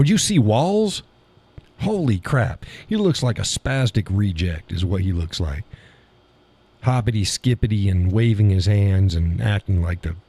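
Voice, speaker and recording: A lower-voiced man with a drawl hosts a live stream. He reads chat comments aloud and answers with blunt, scornful remarks, often breaking into laughter. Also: mellow, breathy edge. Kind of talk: casual political commentary reading chat.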